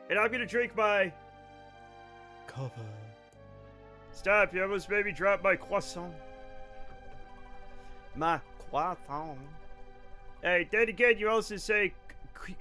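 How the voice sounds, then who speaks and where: A young man streaming a space flight game, chatting with his viewers, swearing freely and ranting in mock anger. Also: sits high. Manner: animated, answers chat, swears freely, mock-angry rants. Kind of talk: casual live-stream commentary.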